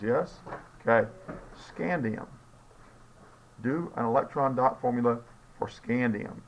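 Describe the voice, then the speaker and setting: A man's voice: mid-range voice, expressive, measured pace, long pauses, highs cut off, a little hiss or hum. Casual male classroom chemistry teacher. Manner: casual, joking, checks in with students often. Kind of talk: classroom lecture.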